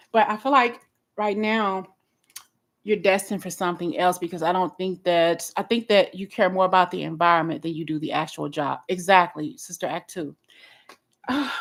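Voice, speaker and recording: A woman giving a live tarot reading in a blunt, expressive way, often restarting her sentences. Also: fairly low pitch, low-quality recording. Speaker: tarot reader.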